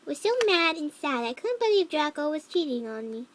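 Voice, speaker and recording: A woman voicing a young cat-girl troll who reads a fanfic aloud, with flat narration, mocking asides and yelled quotes. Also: high-pitched, fairly quick, heavy background noise. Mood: deadpan reading. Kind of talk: fan reading of a story.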